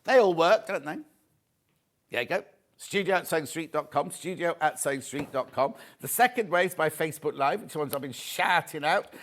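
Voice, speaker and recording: A man's voice: a little high, expressive, moderate pace, fairly bright tone. A man hosting a live TV shopping show. He is chatty, camp and jokey, and reads out viewer messages as he talks. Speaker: shopping channel presenter.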